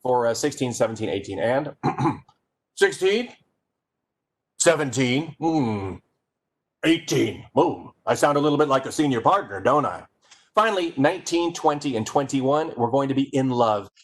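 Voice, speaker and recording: A man giving a playful, energetic comic presentation and speaking straight to his audience. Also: medium pitch, brisk. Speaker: keynote speaker. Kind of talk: comedic presentation.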